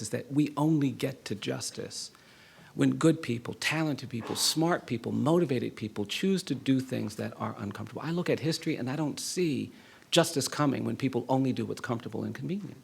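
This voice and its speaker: This is a middle-aged man giving a lecture in a hall, and his voice is deeply gravelly with a husky, breathy edge. He tells a personal story in an earnest, measured way and lets his emphasis swell at key moments. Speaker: law professor and speaker.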